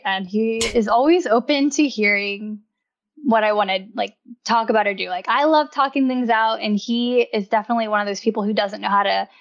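Chatty woman, muffled sound. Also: medium pitch. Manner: chatty, uses "like" constantly, laughs often. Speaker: podcast guest. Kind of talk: casual chat.

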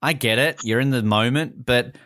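A man's voice: medium pitch, normal speed, a bit bright. A man co-hosting a casual movie recap podcast, teasing his co-host with wry jokes. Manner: joking, teasing, wry asides.

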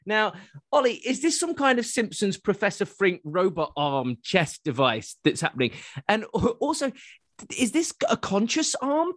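A man hosting a casual podcast, reading odd news stories aloud with an animated, laughing delivery. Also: fairly high pitch, dry recording, clean studio sound. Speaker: podcast host.

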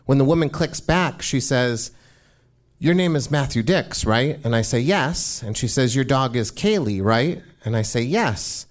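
A man with a middle-pitched voice tells a personal story aloud in a relaxed, chatty manner. He drops in casual fillers as he goes. He voices each person he quotes in his retelling. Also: measured pace. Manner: conversational, informal, frequent "like" fillers.

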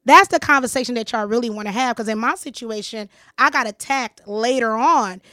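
A high-voiced woman hosting a casual podcast chat. She tells a personal story in a lively way and acts out the lines of others. The sound is dry and close. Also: brisk, no echo. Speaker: podcast host.

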